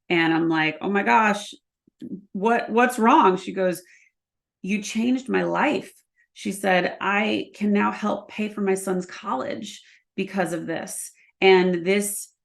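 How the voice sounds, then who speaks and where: A woman guest on an interview podcast, speaking casually and telling energetic stories, acting out quoted exchanges with plenty of ums. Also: on the low side, gravelly. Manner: energetic storyteller, acts out quoted dialogue; filler-heavy, frequent ums. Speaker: podcast guest, leadership consultant.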